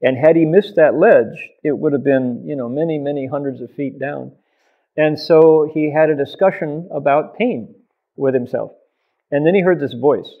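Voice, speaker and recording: A man telling a story with lively sound effects and acted quotes, recorded in an oral history interview. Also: a little high, moderate pace. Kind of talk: animated storytelling. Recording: tinny phone-like sound.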